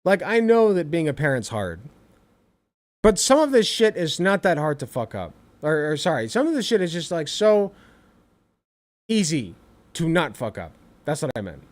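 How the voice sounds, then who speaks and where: A man with a high voice that swings wildly up and down, ranting through reaction commentary. He swears freely and sounds exasperated, bursting out loud and then dropping low. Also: normal speed, pauses often. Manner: animated, profane, exasperated ranting. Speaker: streamer reacting to a clip.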